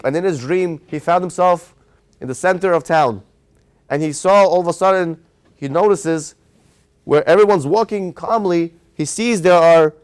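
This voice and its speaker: A man, a rabbi, tells a story in a Torah class and pauses to quiz his audience. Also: sits high. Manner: animated storyteller who quizzes his audience.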